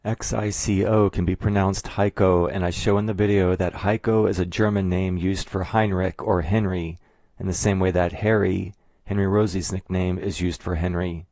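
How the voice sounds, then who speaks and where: Male narrator for an explainer: deep voice, dry close-mic sound, measured and methodical. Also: level tone, a little mellow, no room sound. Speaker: video essayist.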